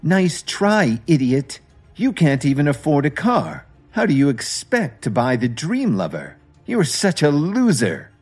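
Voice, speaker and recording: A man voicing an arrogant, jealous rich man who shouts and taunts. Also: mid-range voice, sing-song, moderate pace, husky, faint music behind. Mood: furious taunting.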